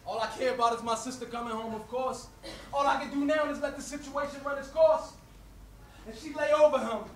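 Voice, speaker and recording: A man performs spoken-word poetry with intense, rhythmic rhyming drive. His voice sits high. The sound is roomy and distant, with faint ambience behind it. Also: steady tone, a little fast, a little hiss or hum.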